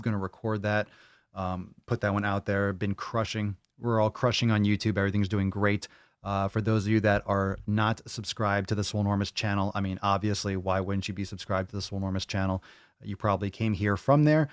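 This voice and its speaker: A man's voice: on the low side, no room sound, clean studio sound. A man hosting a casual late-night podcast, playful and crude, rambling and repeating his phrases. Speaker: podcast host.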